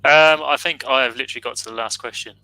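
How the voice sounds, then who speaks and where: A man's voice: mid-range voice, fast talker, bright, forceful tone, slight background noise, poor audio. A man on a casual football podcast panel, agreeable and a little hesitant, hedging his points.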